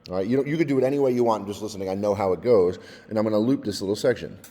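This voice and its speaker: Man, music tech teacher, casual step-by-step tutorial, mellow tone, reverberant sound. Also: on the low side, very fast. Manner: casual, explains step by step, often adds "all right?". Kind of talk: screen-recorded software tutorial.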